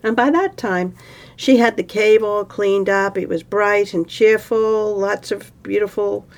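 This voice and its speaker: A woman storyteller with a gravelly, creaky voice, narrating in an easy, conversational manner. She pauses and says "uh" now and then as she goes. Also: mid-range voice. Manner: relaxed, conversational, with fillers. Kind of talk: oral storytelling.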